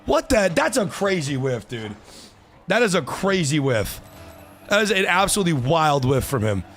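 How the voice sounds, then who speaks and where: A young man streaming a car-soccer match, trash-talking opponents and yelling at his teammates. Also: fairly high pitch, sing-song, normal speed. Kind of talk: live gameplay commentary.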